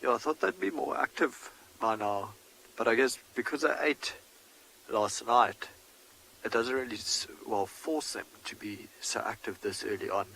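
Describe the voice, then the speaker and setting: A man's voice: mid-range voice, a little slow, creaky, bright, forceful tone, a little hiss or hum, low-quality recording. A man giving live safari commentary in a conversational, wry way. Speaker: safari guide.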